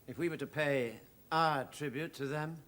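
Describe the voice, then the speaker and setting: An actor plays a genteel English sergeant, polite and tentative in the way he talks. His voice sits a little high, and he offers his suggestions with mild deference. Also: normal speed, a bit bright, lightly acted. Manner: courteous, tentative.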